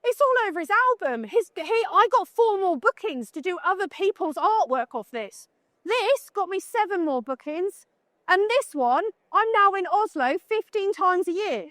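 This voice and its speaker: High-voiced blunt British woman. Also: sing-song, moderate pace, fairly bright tone, no room sound, clean studio sound. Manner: blunt, joking, chatty, asks the audience questions. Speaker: photographer giving a talk. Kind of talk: live conference talk. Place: conference talk room at a trade show.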